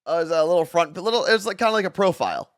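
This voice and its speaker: A man's voice: sits high, lively intonation, rapid-fire, dry recording, clean studio sound. Easygoing male co-host reading listener texts. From Seattle area. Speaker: radio show co-host. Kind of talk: casual chat, reading listener messages.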